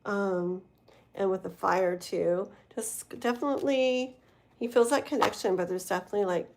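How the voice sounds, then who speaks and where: A woman's voice: mid-range voice, moderate pace, noisy background. A woman doing a live tarot reading. She talks casually, rambles, fills her speech with "like" and "um," and speaks straight to her viewers. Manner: rambling, filler-heavy, casual; chatty, addresses viewers directly. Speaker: tarot reader.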